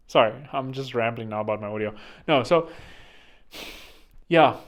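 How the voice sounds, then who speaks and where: A South African online commentator with a South African accent delivers a rambling, digressive monologue, correcting himself and tossing in sarcastic, mocking asides. His voice is medium-pitched and his pace measured.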